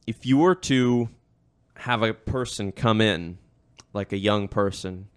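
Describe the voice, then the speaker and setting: Smooth-voiced man telling rambling stories. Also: fairly low pitch, slow. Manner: rambling storyteller, frequent fillers and restarts. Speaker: host. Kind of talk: casual conversation.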